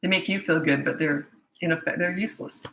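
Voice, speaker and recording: A middle-aged woman coaching parents, blunt and chatty as she slips from advice into family stories. Her voice is bright and forceful and sits on the low side for a woman. The room around her is echoey. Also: brisk, gravelly. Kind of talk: casual advice talk.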